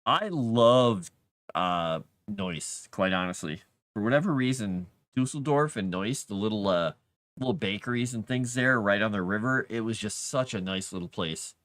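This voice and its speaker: A man's voice: on the low side, animated, moderate pace, a bit bright. A man casually chatting on a live stream, talking about his world-building and reading messages from viewers. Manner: chatty, talks to his cat and reads chat.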